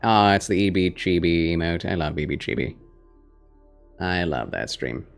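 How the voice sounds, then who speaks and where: A man's voice: deep voice, animated, normal speed, creaky, faint music behind. A man streaming a horror game for his chat, chatting casually and cooing at his cat. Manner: talks baby talk and whispers to his cat. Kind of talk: casual gameplay livestream chat.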